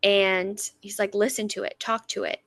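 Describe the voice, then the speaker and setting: Bright-voiced woman retelling a book. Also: medium pitch, normal speed, no echo. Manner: animated retelling, acting out quoted lines, laughing. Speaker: podcast co-host. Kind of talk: casual book recap.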